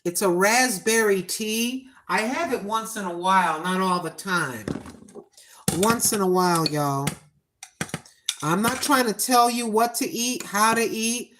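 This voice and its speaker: A woman in her sixties hosting a cooking livestream, chatting in a folksy way and repeating her points slowly for emphasis. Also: medium pitch, fairly bright tone. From United States. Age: 60s. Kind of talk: casual livestream chat.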